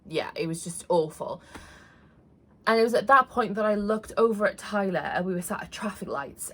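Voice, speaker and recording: A woman's voice: lowish voice, a bit bright. Woman telling a personal story. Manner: earnest, conversational, with frequent fillers and restarts. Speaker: vlogger.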